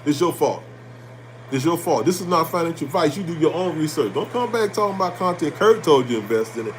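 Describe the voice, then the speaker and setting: A man hosting an animated motivational talk on finance, blunt and preachy, repeating his points and swearing casually. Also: a little high, fairly quick, slight background noise. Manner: preachy and emphatic, repeating lines for effect. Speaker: host.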